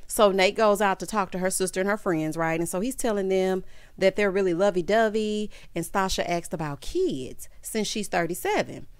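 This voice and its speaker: A woman's voice: medium pitch, expressive, moderate pace, clear, resonant tone, dry recording. A woman talks through a reality TV episode in a loose, sassy commentary style and calls her listeners honey and child. She sits in a middling register, and her voice comes across dry and close, with no room around it. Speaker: reality TV recap host. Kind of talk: casual commentary recap.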